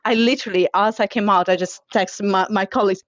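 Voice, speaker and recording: A woman's voice: medium pitch, fast, no room sound, highs cut off. A woman appearing as a podcast guest, telling stories in a casual chat and laughing often. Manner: warm storyteller who laughs often. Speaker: podcast guest, improvement consultant.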